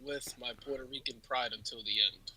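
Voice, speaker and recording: A man co-hosting a casual podcast, animated, profane and teasing. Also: mid-range voice, brisk, a crowd in the background. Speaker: podcast co-host. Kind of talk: casual chat.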